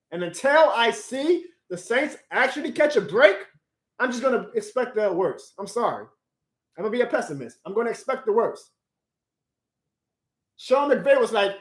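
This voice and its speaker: Ranting man in an echoey room. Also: high-pitched. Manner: emotional venting, swinging from loud outbursts to subdued sighs. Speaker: sports fan streamer. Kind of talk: live stream rant.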